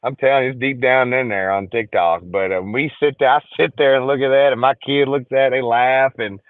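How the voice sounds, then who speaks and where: A man's voice: medium pitch, fairly even intonation, brisk, no echo. A middle-aged man, a podcast guest and social media creator, chatting casually and telling jokey stories in which he acts out other people. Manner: joking, storytelling, acts out other people's voices. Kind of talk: casual chat. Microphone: phone call. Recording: dry tinny phone-like line.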